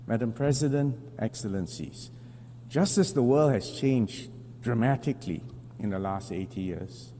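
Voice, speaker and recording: A man from Singapore giving a formal diplomatic speech at a podium, measured and emphatic with deliberate pauses. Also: mid-range voice, animated, dark tone. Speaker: foreign minister addressing the assembly. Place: large assembly hall. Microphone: podium microphone. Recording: reverberant hall broadcast with faint hum.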